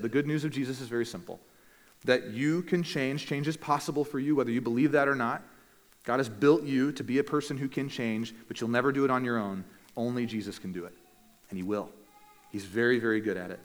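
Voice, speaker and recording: A male pastor delivers a sermon in a measured, earnest voice at an ordinary middle pitch, slowing down for weight on key lines. His voice rings with a long reverb tail from the church room he speaks in. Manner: measured, earnest delivery with slow emphatic phrases.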